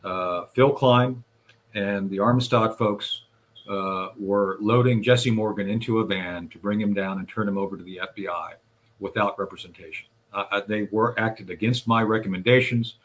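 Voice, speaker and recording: A man recounting a series of events in recorded testimony, speaking deliberately with frequent hesitations and restarts. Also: fairly low pitch, fairly bright tone. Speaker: whistleblower advocate recounting events. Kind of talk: recorded testimony played on a radio show.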